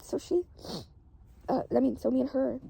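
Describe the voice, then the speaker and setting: A woman's voice: high-pitched, steady tone, moderate pace, gravelly, warm tone, slight background noise. A woman casually recounting a dream, rambling and saying "like" constantly.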